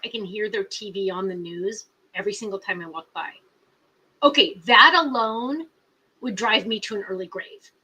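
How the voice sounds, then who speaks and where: A woman's voice: mid-range voice, bright, forceful tone. A woman hosting a casual live chat, reading viewer comments aloud and talking emphatically with lots of repetition. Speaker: livestream host.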